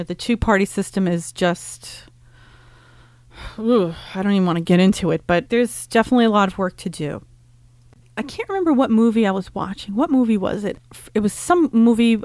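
A woman's voice: mid-range voice, no room sound. Chatty, blunt woman with dry sound. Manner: chatty and animated, with frequent "like" and "um" fillers; blunt and profane, with bursts of laughter. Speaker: vlogger recounting a protest rally. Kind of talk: casual spoken recap.

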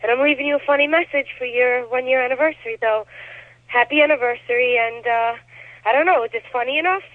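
A woman from Brooklyn leaves a teasing, giggly voicemail message. Her high voice sounds thin and phone-like with no room around it. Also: quick pace, no room sound. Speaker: caller leaving a voicemail. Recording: dry tinny phone voicemail.

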